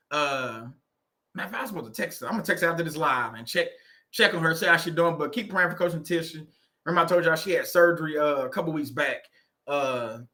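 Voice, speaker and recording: Man, faith livestream host, casual chat, jokey, laughs a lot, high voice. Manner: laughs often, joking and animated.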